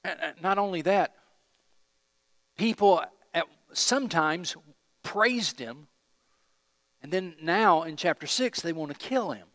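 A man's voice: high-pitched, expressive, slow, pauses often, fairly bright tone, no echo, in a large hall. A man pastor preaching a sermon, emphatic and putting questions to the congregation.

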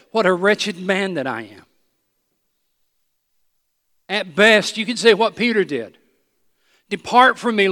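High-voiced male preacher in echoing hall. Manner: emphatic, repeats phrases, drops to hushed tones. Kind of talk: sermon. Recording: long hall reverb.

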